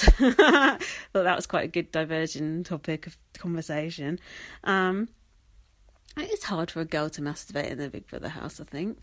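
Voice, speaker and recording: Her voice sits on the low side, expressive and a little slow, with no room sound at all. She's a young podcast host doing a casual recap, cursing freely, laughing a lot, saying um and like constantly, and sounding a bit wheezy with occasional coughs.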